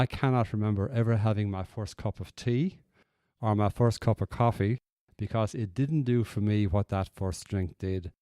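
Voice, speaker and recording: A man's voice: fairly low pitch, warm tone, dry recording, studio quality. A middle-aged Irish man with an Irish accent, telling his personal story as a guest speaker in a plain, conversational way with frequent fillers. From Ireland. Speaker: guest speaker at a recovery meeting.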